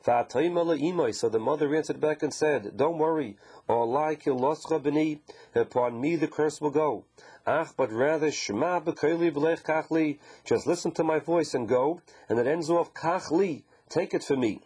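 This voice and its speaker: A man's voice: fairly high pitch, moderate pace, a little mellow, husky, low-quality recording. A man giving an informal Torah lesson, posing questions and then answering them in a conversational, explaining way. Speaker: Torah teacher.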